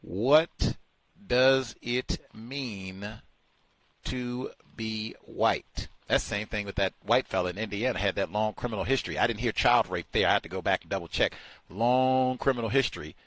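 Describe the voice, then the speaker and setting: A man's voice: lowish voice, normal speed, fairly bright tone, dry recording, low-quality recording. Sardonic male radio host, dry sound. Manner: sardonic, mocking, emphatic. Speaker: call-in show host. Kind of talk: talk radio commentary.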